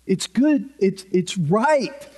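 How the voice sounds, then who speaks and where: A male pastor delivers a sermon in a fairly high voice. He speaks slowly and deliberately. He is earnest and emphatic, driving his points home by repeating them. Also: animated, a little mellow.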